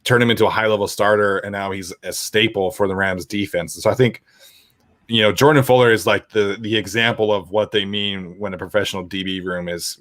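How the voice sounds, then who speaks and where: Young guy hosting a sports podcast, kinda low voice but bright, dry sound, lots of um and like. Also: fairly even intonation, brisk, no room sound. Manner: rambling, many fillers, reads viewer questions. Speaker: podcast host. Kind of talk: casual sports podcast chat.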